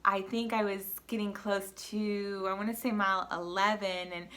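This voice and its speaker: A woman's voice: medium pitch, flat delivery, normal speed, bright, forceful tone. An adult woman with a school-age daughter, recapping a race in a casual personal vlog, earnest and emotional, with many fillers as she tells her story. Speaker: vlogger.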